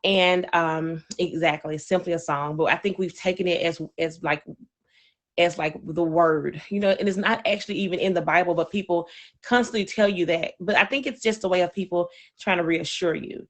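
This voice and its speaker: A woman hosting a podcast with a fairly low voice. She speaks earnestly and reflectively, pausing and restarting as she thinks. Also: fairly even intonation. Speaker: podcast host. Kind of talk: casual podcast talk.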